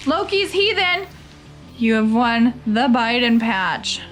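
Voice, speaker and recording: A woman's voice: on the high side, sing-song, slow, echoey room, faint music behind. A woman co-hosting a podcast in a casual, playful chat, giggling and putting on a jokey announcer voice. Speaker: podcast co-host.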